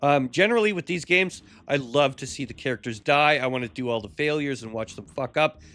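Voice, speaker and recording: A man calling a wrestling match on a live stream as play-by-play commentator and streamer, crude, joking and shouty. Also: mid-range voice, a little fast. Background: music.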